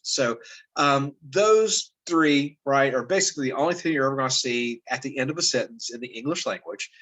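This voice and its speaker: A man's voice: mid-range voice, a bit bright, poor audio. A man teaching an online language arts class, talking loosely with many fillers and frequent "right?" checks to students. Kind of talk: casual classroom teaching over a lesson video.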